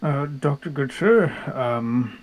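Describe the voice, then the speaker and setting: A man's voice: mid-range voice, lively intonation, slow pace, darkish tone, rough recording. A man playing a tabletop game, speaking in a formal, polite and hesitant way. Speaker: player. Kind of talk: in-character tabletop play.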